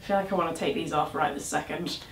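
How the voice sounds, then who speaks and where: A young woman with a low voice speaks fast in a casual try-on vlog, struggling to pull on clothes. She's chatty and self-mocking, letting out exclamations and groans and occasionally getting breathless, and the sound is roomy.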